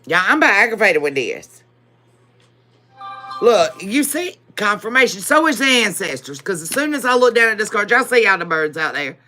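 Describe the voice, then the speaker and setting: Animated bright-voiced woman tarot reader. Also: medium pitch, normal speed, soft background music. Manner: animated, laughs often, calls viewers baby; repeats phrases for emphasis. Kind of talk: live-streamed tarot reading.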